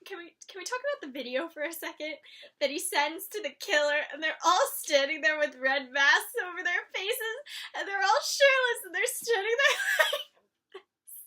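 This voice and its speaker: A young woman chatting casually as she reviews a TV episode, animated and gushing, with exasperated outbursts. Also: extremely high pitch, moderate pace. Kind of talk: casual chat.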